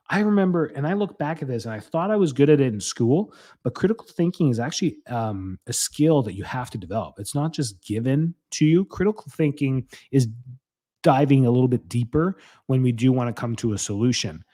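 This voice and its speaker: Medium in pitch with a darkish tone, this thirtysomething man rambles earnestly on his own solo podcast. The chat is casual, and he keeps correcting himself.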